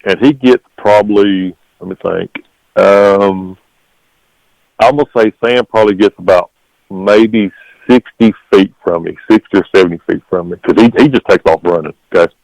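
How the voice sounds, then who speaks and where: A man's voice: fairly low pitch, moderate pace, gravelly, darkish tone, no echo, low-quality recording. A man, a guest telling his encounter story in a rambling, repetitive way. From North Carolina. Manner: rambling, repeats "literally" and "okay?".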